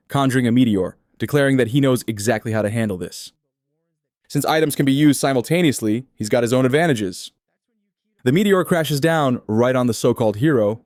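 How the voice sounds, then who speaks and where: A man retelling a comic story in steady, scripted third-person narration. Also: medium pitch, dry recording, studio quality. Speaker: recap narrator.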